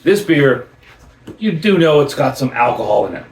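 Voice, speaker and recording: An enthusiastic man hosts a casual beer review, repeating words as he restarts his sentences. His voice sits at an ordinary pitch. It sounds roomy and picked up from a few steps back from the mic. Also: big pitch swings, normal speed, far from the mic. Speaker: host of a beer review channel.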